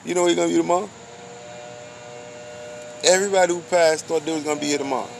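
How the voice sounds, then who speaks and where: A man's voice: a little high, steady tone, fast, vocal fry, pauses often, slight background noise, low-quality recording. A man giving a loose, slangy street monologue, preaching and firing off rhetorical questions.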